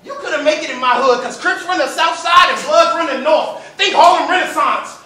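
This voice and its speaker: A man from Florida delivers a battle rap with a high, bright voice and a brash, taunting edge. He shouts his punchlines. The sound is echoey and caught from a distance. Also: moderate pace, a little hiss or hum. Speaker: battle rapper. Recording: echoey room, mic far off.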